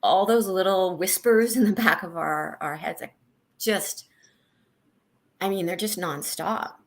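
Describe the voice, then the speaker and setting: A woman guest on a video-call interview, talking candidly and haltingly about a hard personal time, with many restarts. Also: lowish voice. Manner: halting, many restarts, animated when reliving moments. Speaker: guest, senior leader.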